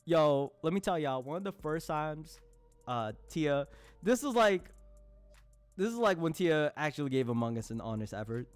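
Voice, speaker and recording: A man streaming live, chatting casually with his viewers, laughing often and breaking into loud outbursts. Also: on the high side, expressive, normal speed, clean tone, no room sound, faint music behind. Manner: addresses chat as y'all, slangy.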